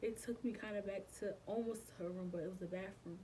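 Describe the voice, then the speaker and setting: A woman's voice: mid-range voice, steady tone, fast talker, dark tone, slight background noise, poor audio. A young woman telling a storytime vlog in an emotional, slangy way, swearing often and acting out her past reactions. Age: young adult. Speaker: vlogger.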